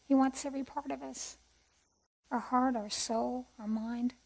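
A woman's voice: high voice, fairly even intonation, measured pace, gravelly, a little mellow, breathy edge, rough recording. A middle-aged woman sharing a personal testimony at a women's conference, earnest and conversational, often asking rhetorical questions. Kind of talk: testimony sermon.

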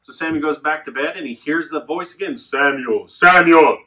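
A man teaching a children's Bible lesson, telling stories in a lively way and acting out the characters' lines. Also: fairly high pitch, quick pace. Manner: animated storytelling with voices. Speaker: children's pastor.

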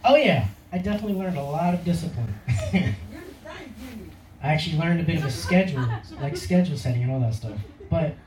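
A man's voice: mid-range voice, mellow, roomy sound, recorded from a distance, a little hiss or hum, poor audio. A young man giving his personal testimony in a casual, rambling way, laughing often. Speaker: testimony speaker.

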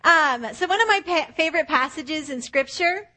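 A woman preacher giving an animated sermon who acts out the voices of the people she quotes. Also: sits high, normal speed.

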